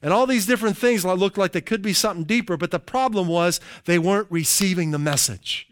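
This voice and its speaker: A middle-aged male pastor preaching with a high, smooth and resonant voice. He slows down to stress key phrases, then eases into chatty, everyday asides. The sound is dry and close. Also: dry recording. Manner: slows down for emphasis, conversational asides. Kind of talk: sermon.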